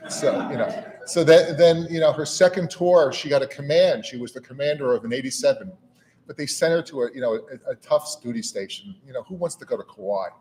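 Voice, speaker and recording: A middle-aged man speaks to a gathered audience in a relaxed, conversational way. His delivery is folksy, with repeated words and a steady stream of "you know"s. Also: mid-range voice, a little fast. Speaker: national auxiliary leader giving a speech. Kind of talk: informal speech to a gathering. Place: meeting room with an audience.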